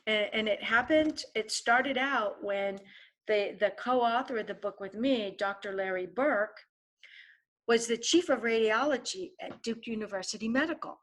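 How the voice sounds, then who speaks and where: A woman's voice: a little high, moderate pace, a bit bright. Woman telling a vivid story. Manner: vivid storyteller, often addresses the host by name. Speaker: guest author. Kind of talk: storytelling in a podcast interview.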